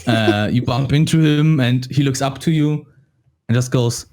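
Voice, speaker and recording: A man narrating a tabletop game as dungeon master, lively and often laughing. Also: mid-range voice, normal speed.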